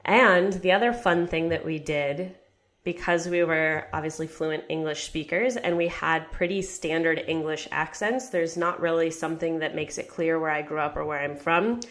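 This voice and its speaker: Low-voiced American woman telling stories. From United States. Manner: chatty storytelling, quick and relaxed. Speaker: guest. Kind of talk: podcast interview.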